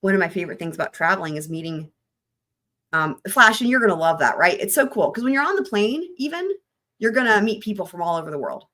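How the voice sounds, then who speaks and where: A woman's voice: mid-range voice, animated, fast talker, sharp tone. A woman hosting a true crime live stream, chatting loosely with her viewers in a rambling, casual way.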